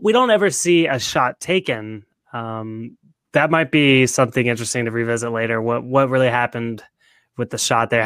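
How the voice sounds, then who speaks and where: A man's voice: medium pitch, a bit bright, smooth, no echo. A man co-hosting a podcast in a casual recap chat, often asking his co-host's opinion. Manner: conversational, asks his co-host questions. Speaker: podcast co-host.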